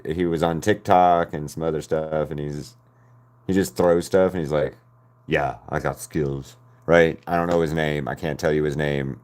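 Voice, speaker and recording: American guy with a super deep voice, rambly chatty stream talk while he draws, laughs a lot. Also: darkish tone. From United States. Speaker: artist streaming to chat. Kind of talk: casual chat while drawing.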